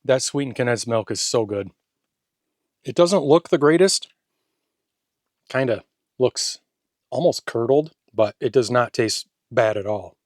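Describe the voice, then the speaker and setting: A man's voice: medium pitch, lively intonation, a little slow, long pauses, no room sound, studio quality. A man casually reviewing and taste-testing a ration pack at home, talking enthusiastically, sometimes with his mouth full. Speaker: food reviewer. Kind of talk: casual taste-test vlog. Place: home garage.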